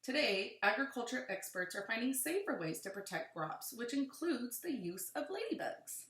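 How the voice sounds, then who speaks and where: Teacher reading aloud in an echoey room. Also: female voice, a little high, sing-song, normal speed, a bit bright. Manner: adds friendly asides to young pupils. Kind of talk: reading a picture book aloud to children.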